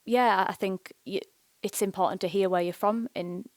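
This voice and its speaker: A woman's voice: medium pitch, steady tone, normal speed, no room sound. A woman with a Teesside accent who enunciates every word, answering questions as a singer-songwriter guest at a live interview in a bookshop. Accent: Teesside English.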